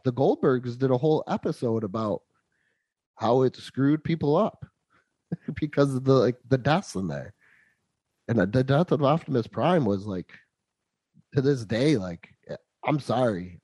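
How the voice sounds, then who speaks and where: A man's voice: medium pitch, dark tone, slightly rough, no room sound. Dry-sounding enthusiastic man in his thirties. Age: 30s. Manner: enthusiastic, nostalgic fan talk. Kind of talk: casual chat.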